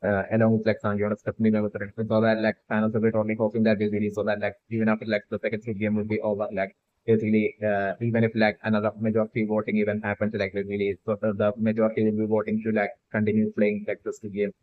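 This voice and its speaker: A man's voice: on the low side, completely flat delivery, very fast, no echo. A man giving a rambling solo commentary on a theory, packing nearly every phrase with "like" and "uh" and restarting sentences. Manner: filler-heavy, says like constantly, restarts. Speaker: fan theory video maker. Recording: tinny phone-like sound.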